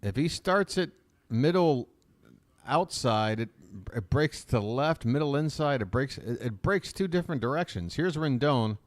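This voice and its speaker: A man calling live baseball play-by-play as a fan commentator, chatty and opinionated between pitches. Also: expressive, moderate pace, no echo.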